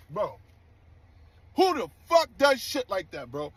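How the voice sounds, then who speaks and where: A man telling a tour story in loose, profane street slang, animated and indignant. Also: very high voice, unhurried, long pauses, breathy edge, no room sound. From New York. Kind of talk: casual storytelling clip.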